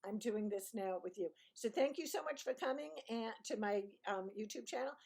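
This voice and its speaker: A woman's voice: a little high, normal speed, darkish tone. A woman from Brooklyn telling a personal story to camera, chatty and digressive, correcting herself as she goes. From Brooklyn, New York. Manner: chatty, digressive, self-correcting, laughs often. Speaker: YouTuber.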